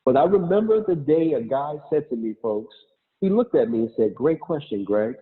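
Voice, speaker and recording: A man giving a lively motivational talk as a guest speaker on an online call, acting out quotes as he goes. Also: fairly high pitch, normal speed. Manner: animated, acts out quotes, laughs. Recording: tinny phone-like call audio.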